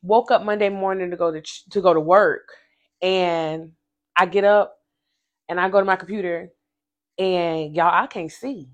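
A woman hosting a casual faith podcast, telling a personal story with animated, emphatic repetition and speaking straight to her listeners. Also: lowish voice, normal speed. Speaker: podcast host.

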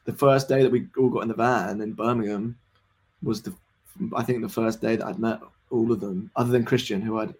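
A young man in his twenties, a band member guest in a casual podcast interview, rambling, excitable and swearing freely. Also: on the low side, fairly quick, husky. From United Kingdom. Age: 20s.

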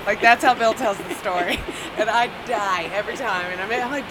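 A woman's voice: mid-range voice, moderate pace. Rambling woman storyteller over street noise. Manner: rambling, self-correcting, laughing. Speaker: flight attendant guest. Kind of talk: casual anecdote.

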